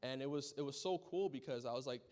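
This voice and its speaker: A young man giving an earnest personal testimony at a conference, telling his story with animated energy and often checking in with "right?". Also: medium pitch, fast talker, clear, resonant tone. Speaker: conference speaker. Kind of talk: testimony talk. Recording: long hall reverb.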